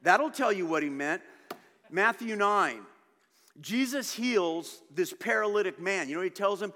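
Male pastor, high-ish voice, lively emphatic preaching, long hall reverb. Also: measured pace. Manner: animated, emphatic preaching with conversational asides. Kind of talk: sermon.

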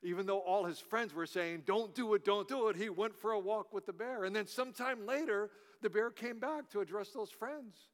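Pastor guy preaching, high bright voice, punchy repeats, long echo in a big church. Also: normal speed, hardly any pauses. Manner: emphatic, repetitive, call-and-response. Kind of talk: sermon. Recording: long reverb in a large hall.

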